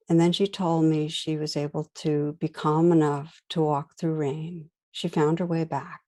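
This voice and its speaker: A woman meditation teacher giving a dharma talk, telling stories in a gentle, unhurried way with soft pauses. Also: deep voice.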